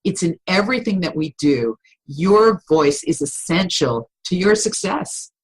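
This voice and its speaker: A middle-aged woman voice coach explaining vocal tips in a podcast interview, with an animated, instructive storytelling manner. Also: fairly low pitch, measured pace, slightly rough, rough recording.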